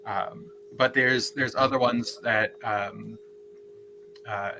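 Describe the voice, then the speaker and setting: A man in casual chat, explaining a point thoughtfully with many pauses and ums. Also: mid-range voice, steady tone, vocal fry, background noise.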